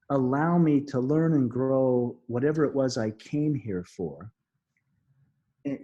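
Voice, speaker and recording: A middle-aged man, an interview guest, recounting a personal story in an earnest, halting way with frequent restarts and soft laughs. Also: medium pitch, breathy edge.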